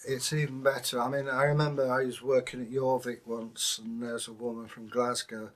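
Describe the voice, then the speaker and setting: An Englishman in middle age chats easily as co-host, his voice sitting at an ordinary middle pitch. He spins anecdotes and drops into brief impressions along the way. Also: flat delivery, a bit bright. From England. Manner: anecdotal, slips into quick impressions. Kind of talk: casual chat.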